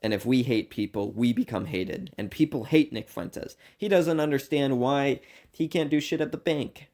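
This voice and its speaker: A young man, a university student, delivering a rambling comedic monologue in an earnest, meandering way. He swings between loud outbursts and quiet asides. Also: medium pitch, normal speed.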